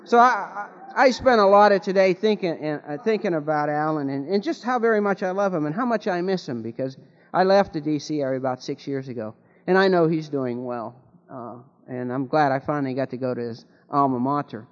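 A man's voice: fairly high pitch, fairly quick. Rambling man joking from a meeting-hall stage. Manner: rambling with many restarts, folksy joke-telling. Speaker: speaker at a recovery meeting. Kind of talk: recovery meeting talk with jokes. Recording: dull long-reverb hall recording.

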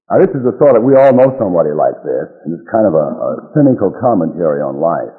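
A man's voice: deep voice, sing-song, quick pace, hardly any pauses. A man giving a folksy, self-deprecating speech full of jokes at a recovery meeting in a large hall. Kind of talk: joke-filled speech. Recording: dull old recording in a reverberant hall.

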